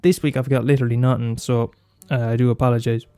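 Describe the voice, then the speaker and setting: A man's voice: mid-range voice, little pitch movement, fast talker, dark tone, clear, resonant tone, dry recording. Sweary Irish man ranting on a podcast. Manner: sweary, blunt, self-mocking, repeats lines for effect. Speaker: podcast host. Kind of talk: solo comedic podcast rant.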